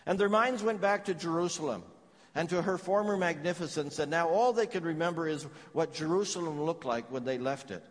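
A middle-aged man preaching a sermon, swinging from loud declarations to hushed, heavy phrases. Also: on the high side, fairly quick, in a large hall. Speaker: pastor.

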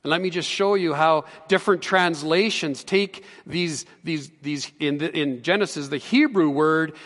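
A man's voice: a little high, fairly bright tone. Earnest preaching man in a reverberant hall. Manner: earnest, rising to emphatic peaks. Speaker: pastor. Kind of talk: sermon.

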